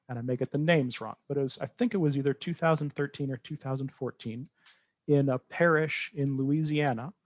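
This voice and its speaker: A man answering interview questions in a measured, explanatory way, sometimes correcting himself as he goes. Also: medium pitch, darkish tone, no room sound. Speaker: guest researcher.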